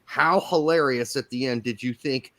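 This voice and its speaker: A man's voice: medium pitch, normal speed. A man hosting a sports podcast, joking and teasing his guests in casual chat. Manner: jokey, animated, teasing. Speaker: podcast host.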